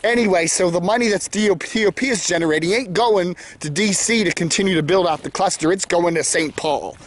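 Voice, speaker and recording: A man's voice: high voice, a little fast. A middle-aged man hosting his own vlog, rambling opinions while walking outdoors in the woods, self-assured and opinionated. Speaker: vlog host. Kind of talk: casual opinion monologue.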